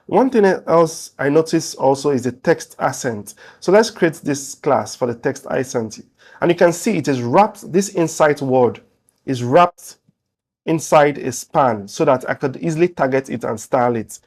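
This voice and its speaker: A man whose voice is on the high side talks a little slowly as he types code on screen, teaching web development in a relaxed screen-share tutorial and thinking aloud as he goes.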